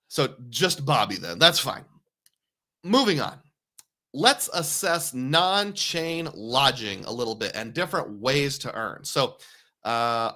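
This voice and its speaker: A man's voice: mid-range voice, sharp tone. A man hosting a live stream, chatting casually and thinking aloud as he reads viewer comments. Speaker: host.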